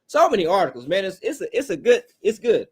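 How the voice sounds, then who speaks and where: A man's voice: high voice, big pitch swings, fast, slightly rough. A man hosting a live fan call-in show, talking bluntly and profanely while reading chat comments. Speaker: podcast host.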